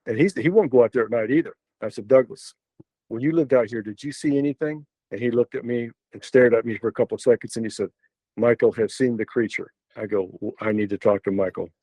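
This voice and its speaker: A man's voice: mid-range voice, fast talker, mellow, husky, no echo, poor audio. An older man, a podcast guest telling a story in a loose, rambling way with many fillers and restarts. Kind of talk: casual storytelling.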